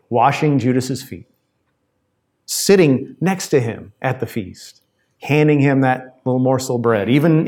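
A man's voice: medium pitch, a little mellow. A man preaching a conversational sermon on a Bible passage, digressing and restarting often.

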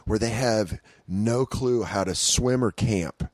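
A man's voice: lowish voice, no echo. A man who is a comedian guest, chatting casually, laughing and riffing on stories. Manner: laughs often, quick to riff and imitate people shouting. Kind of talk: casual chat.

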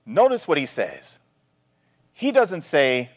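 A male pastor preaching a sermon in an animated, conversational way, often checking in with "right?". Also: high voice, takes it slowly, long reverb tail.

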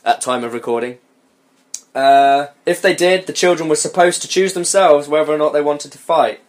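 A man's voice: a little high, normal speed. A young man reading a story aloud on a comedy podcast, breaking off for sarcastic, sweary remarks and frequent laughter.

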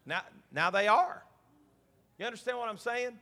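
Pastor guy preaching, real emphatic, bright sharp voice, echoing around a big church. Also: extremely high pitch, normal speed. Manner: emphatic, pleading, asks the crowd if they follow. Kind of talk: evening sermon. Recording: long reverb of a large hall.

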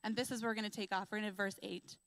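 A young adult woman giving a church sermon, telling stories in a lively way and acting out what people say. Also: mid-range voice, quick pace, no echo. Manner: lively storytelling, acts out quotes. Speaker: preacher.

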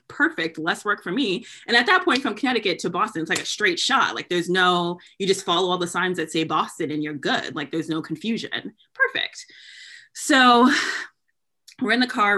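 A young woman from New England telling a story in casual chat, animated, laughing and swearing, with lots of "like". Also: fairly low pitch. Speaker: podcast co-host telling a story.

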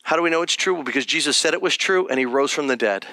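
A man delivers a sermon as a pastor, talking to his congregation plainly and with emphasis. His voice sits high and sounds bright and keen. The sound is close and dry. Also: very fast, no echo. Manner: conversational and emphatic, checking in with "okay?".

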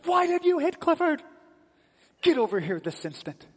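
A man's voice: on the high side, normal speed, a little mellow, husky, in a large hall. A man voicing a stern, furious mother scolding her young son, with clipped, emphatic lines. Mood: angry scolding.

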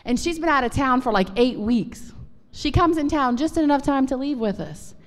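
A woman pastor giving an emphatic, animated testimony sermon in a church. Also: sits high, normal speed. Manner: animated, emphatic preaching with Southern turns of phrase. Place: church sanctuary. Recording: long church reverb.

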